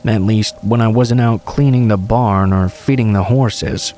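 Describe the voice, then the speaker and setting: A man reading true horror stories aloud as scripted narration, in a steady, measured way. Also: on the low side, soft background music.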